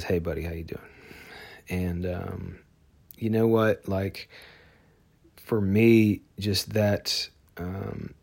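Low gravelly man telling an earnest story. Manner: earnest, halting, many restarts. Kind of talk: casual personal storytelling.

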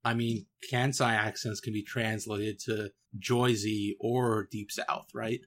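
Brief: low male co-host, dry short interjections, casual. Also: level tone, takes it slowly. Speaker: podcast co-host. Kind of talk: casual chat.

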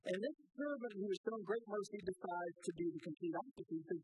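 A man's voice: sits high, fast, few pauses, darkish tone, breathy edge, faint music behind, rough recording. A man preaching a sermon as a pastor, speaking earnestly and often repeating words as he restarts phrases.

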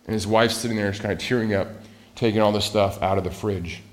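A man's voice: fairly low pitch, fairly even intonation, fast. A male pastor preaching a sermon in an earnest, emphatic way, often restarting his sentences.

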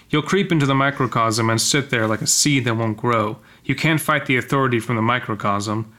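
Man co-reading a story with a friend, bright voice, hams up the lines and stops to crack jokes. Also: mid-range voice, moderate pace, hardly any pauses. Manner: reads lines dramatically, then jokes and comments. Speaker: co-reader of a story. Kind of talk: casual reading aloud with banter.

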